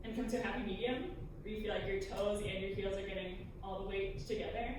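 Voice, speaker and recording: Woman leading choir warm-ups in an echoey room. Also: mid-range voice, steady tone, quick pace, background noise. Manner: encouraging, gives step-by-step physical cues. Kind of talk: vocal warm-up instruction. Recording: echoey room, distant mic, music.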